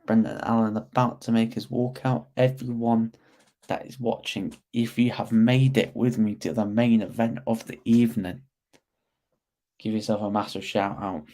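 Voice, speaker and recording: Mellow-voiced man commenting on a fight. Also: on the low side, little pitch movement, normal speed. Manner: chatty, talks straight to viewers, stumbles over words. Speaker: host of a fight watch-along. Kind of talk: casual live fight commentary.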